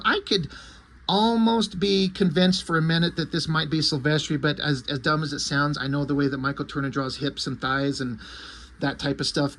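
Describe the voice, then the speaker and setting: A man in his forties giving a casual, crude and rambling comic read-through. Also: a little high. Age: 40s. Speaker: comic book reviewer.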